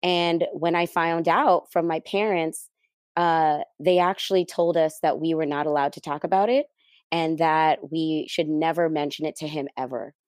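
Low-voiced woman telling a personal story. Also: steady tone, normal speed, darkish tone, no room sound, clean studio sound. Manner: candid and easygoing, laughs lightly. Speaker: interview guest, event planner.

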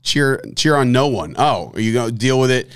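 A young man, hosting a sports chat and ranting loudly and mockingly about fandom. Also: medium pitch, expressive, normal speed, clean tone. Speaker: sports podcast host. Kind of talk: heated casual sports chat.

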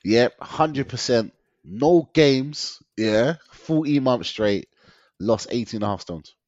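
A man's voice: medium pitch, animated, takes it slowly, a little mellow, no echo. A young man, telling his story in a casual interview, slangy and often laughing. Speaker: guest. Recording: dull lo-fi dry sound.

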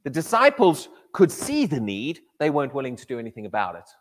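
A man preaching a sermon in an animated way, often repeating his words and acting out quotes. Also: medium pitch, brisk. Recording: echoey hall reverb.

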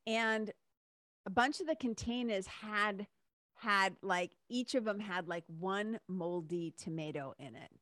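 Bright, chatty New woman host. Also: mid-range voice, a little slow, dry recording, clean studio sound. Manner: chatty, enthusiastic, laughs often. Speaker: podcast host. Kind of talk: casual solo podcast monologue.

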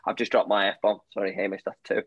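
A man's voice: fairly low pitch, level tone, fast talker, slightly rough, dull audio. A man hosting an interview, chatting loosely and joking, with casual swearing. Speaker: podcast host.

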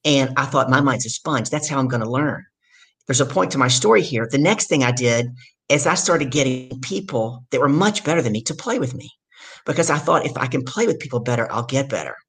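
A loud middle-aged woman from the Deep South, a business coach telling motivational stories as a podcast guest. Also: fairly quick, husky. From Deep South, USA. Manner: animated, anecdotal, motivational. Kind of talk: podcast interview storytelling.

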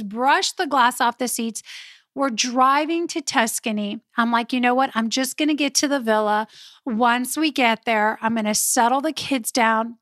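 A woman hosting a podcast, telling a personal story in a lively, casual way, laughing often and talking straight to her listeners. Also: a little high, no room sound, clean studio sound. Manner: animated, laughs often, addresses listeners directly. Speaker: podcast host.

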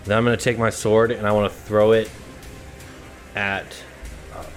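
A man playing a tabletop game, speaking with lots of hesitation and fillers and laughing often. His voice sits on the lower side. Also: level tone, moderate pace, soft background music. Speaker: player.

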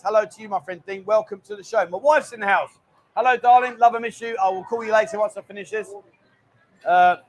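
A man from England hosting a casual live stream, jokey and teasing, talking loudly. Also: high voice. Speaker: livestream host.

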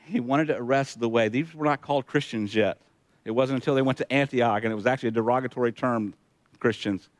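A man's voice: medium pitch, quick pace, dry recording. A male pastor preaching a sermon, retelling scripture with emphatic asides to the congregation.

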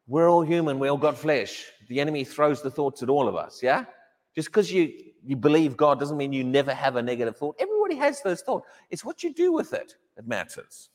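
A man preaching a sermon in a church, animated and acting out the voices of the people he quotes. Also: fairly high pitch, a little fast, long reverb tail. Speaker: pastor. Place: church hall.

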